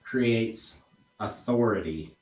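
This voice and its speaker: A man's voice: on the low side, slow, far from the mic. Man coaching sales in an echoey room. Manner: relaxed, demonstrates tone with example phrases. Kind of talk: casual one-on-one coaching. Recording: roomy echoey recording.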